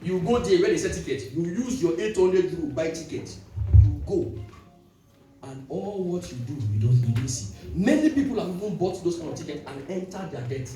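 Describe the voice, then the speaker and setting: A male pastor preaches with a lively, swooping pitch, calling for amens and bursting into shouts. He sounds far from the mic in a big reverberant hall, with music clearly playing beneath him. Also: moderate pace. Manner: animated preaching with call-and-response, sudden shouts. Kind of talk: sermon. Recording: echoey hall, distant mic, music behind.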